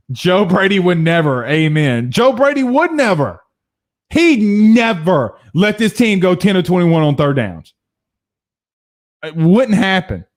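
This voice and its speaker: A higher-pitched man with a drawl, hosting a loose post-game sports talk stream. He talks bluntly and heatedly, swears freely and breaks into laughs between rants. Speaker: sports show host reading viewer comments.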